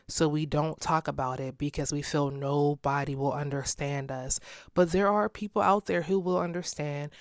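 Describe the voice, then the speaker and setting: A woman's voice: low-pitched, no echo, clean studio sound. A young woman hosting a solo podcast, talking candidly in a casual way and laughing often. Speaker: podcast host.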